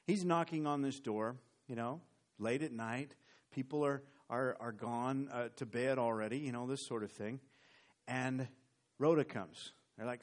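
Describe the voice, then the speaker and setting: A man's voice: medium pitch, moderate pace. A male pastor preaching a sermon, retelling a scripture story animatedly and reading verses aloud. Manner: animated storytelling, reads scripture in old formal English.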